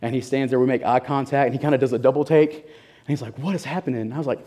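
A young man in his twenties tells a personal story from the pulpit in an animated storytelling manner. He breaks into laughter and acts out the people he quotes. His voice sits in an ordinary middle pitch. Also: quick pace. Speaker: church speaker giving testimony. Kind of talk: sermon storytelling.

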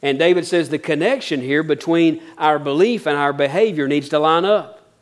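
A man's voice: on the high side, moderate pace. A middle-aged man preaching a sermon, mixing folksy storytelling with earnest, building emphasis. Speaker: pastor.

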